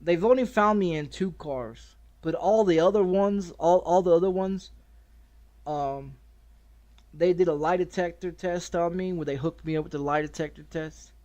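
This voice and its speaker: A man with a fairly high-pitched voice tells a long story as he streams a game. He swears freely and rambles, stumbling over his words and starting his sentences again. It sounds like loose, offhand storytelling. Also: normal speed, a little mellow. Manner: profane and rambling, with many restarts. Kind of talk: casual storytelling while streaming.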